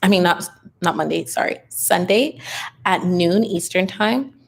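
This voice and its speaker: A young woman who creates online business content hosts a livestream Q&A, chatting casually and giving upbeat advice while sounding a bit tired and loopy, with plenty of fillers. Her voice is on the low side with vocal fry, at a measured pace.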